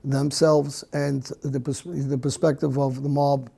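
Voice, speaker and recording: A middle-aged man, an interview guest, speaking bluntly in a halting way with many restarts. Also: medium pitch, little pitch movement, gravelly, dark tone, breathy edge. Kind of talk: candid conversational interview.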